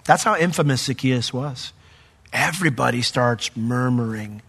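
A middle-aged male pastor preaching a sermon, animated when retelling a story and hushed when sharing his own testimony. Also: medium pitch, normal speed, gravelly. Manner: animated storyteller, voice jumps up when acting out the crowd; drops to a soft, hushed tone for personal testimony.

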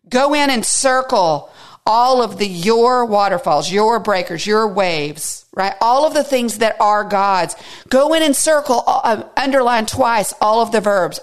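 A woman leading a devotional study of scripture in an earnest, intimate way. Her voice sits in a middle register with a touch of fry, and she often drops to a hushed near whisper to press a point home. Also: medium pitch. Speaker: Bible teacher. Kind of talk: devotional Bible teaching.

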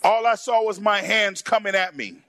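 A man pastor delivers a lively sermon in a high, ringing voice. He tells stories with energy and jumps to shouts for emphasis. His tone is bright and cutting, and he laughs along with the congregation. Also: moderate pace. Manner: animated storytelling, shouting punchlines, laughing along.

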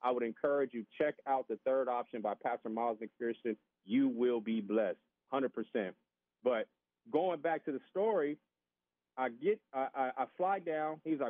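A man telling a casual, animated story as a podcast guest, acting out the voices of other people and often repeating his words. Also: medium pitch, normal speed, no echo. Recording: tinny phone-line sound.

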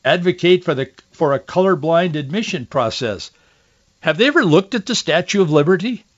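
A man's voice: fairly high pitch, animated, normal speed. A man hosting a political talk show, giving indignant, sarcastic commentary, often restarting his sentences. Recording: dull lo-fi audio.

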